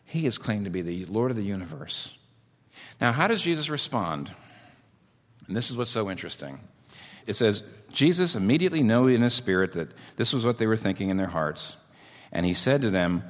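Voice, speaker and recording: A man preaching a sermon as pastor, earnest and animated, acting out little stories as he goes. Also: lowish voice, normal speed, long reverb tail.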